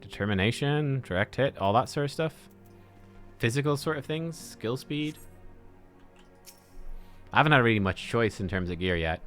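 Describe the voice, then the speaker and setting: A man's voice: mid-range voice, animated, normal speed, pauses often, a bit bright, soft background music. A man giving casual let's-play commentary, rambling and self-deprecating as he thinks aloud. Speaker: gaming video creator.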